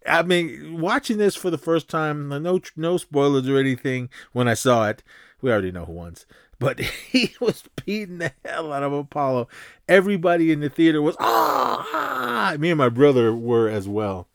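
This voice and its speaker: A man's voice: mid-range voice, moderate pace, smooth, dry recording, studio quality. A man hosting a podcast, retelling a film scene in a loose, rambling way and acting out punches with sound effects. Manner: animated storytelling, acts out scenes with sound effects; loose and rambling, many fillers and restarts. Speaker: podcast host. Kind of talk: casual movie recap.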